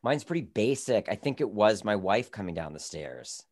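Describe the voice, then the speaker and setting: A man's voice: on the low side, very animated, moderate pace, a little mellow. A man in a casual chat, thinking aloud as he answers quiz questions.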